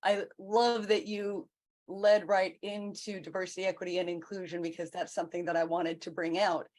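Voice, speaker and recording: Encouraging woman host, low-set voice. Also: little pitch movement, normal speed, darkish tone. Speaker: podcast host. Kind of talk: conversational interview.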